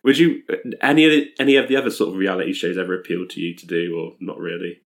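Lower-voiced male podcast host. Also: fairly even intonation, fast. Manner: brief encouraging interjections. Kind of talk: casual chat.

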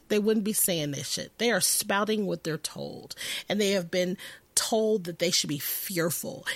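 A woman hosting a podcast, talking in a profane, animated and rambling way, often laughing and correcting herself. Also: fairly low pitch, no room sound. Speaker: podcast host. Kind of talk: casual podcast monologue.

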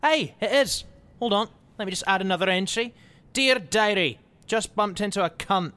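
An actor playing a crude, sarcastic football club insider who swears constantly and mocks everyone around him. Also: male voice, high voice, normal speed, bright, forceful tone, smooth, no echo. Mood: mocking. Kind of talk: comedic audio drama acting.

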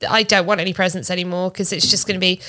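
A woman comedian, chatting casually on a podcast and telling quick anecdotes. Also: on the low side, level tone, bright, forceful tone. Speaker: comedian guest.

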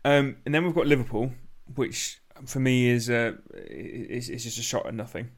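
Man, mid-pitched, dry teasing banter, football podcast chat. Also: moderate pace. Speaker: podcast co-host.

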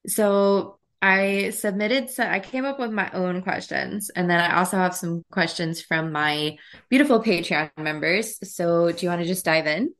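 A woman's voice: on the low side, normal speed, fairly bright tone. A woman with a scratchy voice, hosting a podcast in a chatty, friendly way, with loose phrasing full of "like". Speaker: podcast host. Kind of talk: casual podcast chat.

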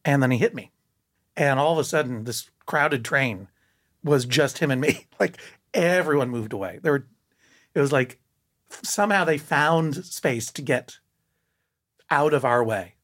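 A man telling a personal story in casual conversation, lively and full of restarts, jumping up in pitch for emphasis. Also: measured pace. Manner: animated, many restarts, jumps up in pitch for emphasis.

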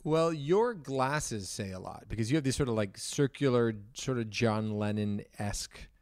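A man speaking as a podcast guest, talking things through in a relaxed casual way. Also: mid-range voice, moderate pace, no room sound, clean studio sound. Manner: relaxed, thinks aloud. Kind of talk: casual chat.

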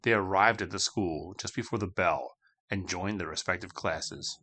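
A man's voice: low-pitched, moderate pace, sharp tone. A man narrating a spooky children's story with dramatic, shifting delivery.

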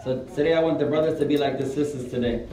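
A man's voice: medium pitch, steady tone, crowd noise. Man teaching a noisy classroom, echoey and distant. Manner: firm, brisk commands to students. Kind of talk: classroom instruction mixing English and Arabic. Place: large echoey classroom full of students. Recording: echoey room, far mic, chattering students.

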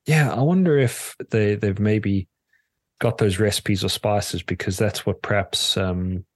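A man's voice: on the low side, unhurried, no room sound, studio quality. A man from the UK co-hosting a podcast, thinking aloud in a hesitant way with trailing questions. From United Kingdom. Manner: hesitant and musing, many fillers and trailing questions. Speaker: podcast co-host. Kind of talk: casual chat.

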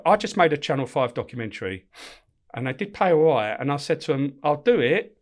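A man's voice: fairly high pitch, brisk. A middle-aged man, a former prison officer telling prison stories in casual chat, swearing freely and acting out the dialogue. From England. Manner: swears constantly, animated, laughs while telling. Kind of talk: casual storytelling with acted-out dialogue.

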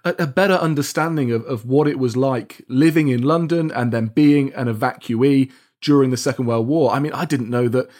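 A man hosting a history podcast, thanking his guest and reading show notices, with some halting restarts. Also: mid-range voice, a little mellow. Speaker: podcast host. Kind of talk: podcast interview and outro.

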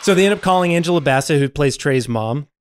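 A man hosting a casual movie podcast, retelling scenes with lively storytelling. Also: on the high side, fast talker, some chatter behind, slight background noise. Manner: animated storytelling with acted quotes. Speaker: podcast host.

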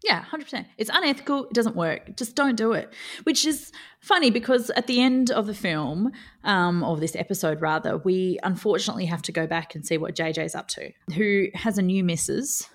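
A woman's voice: medium pitch, lively intonation, moderate pace. Woman, podcast co-host, frank, chatty, laughs a lot. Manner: frank, laughs often, many fillers. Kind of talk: casual review chat.

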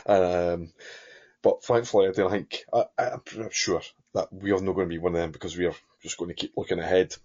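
A Scottish man with a low, husky voice talks through a football podcast. He rambles and circles back with fillers. The audio is dull and lo-fi. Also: fairly even intonation, a little fast, a little mellow. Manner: rambling, many fillers and restarts, chuckling. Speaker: podcast co-host. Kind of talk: casual football chat.

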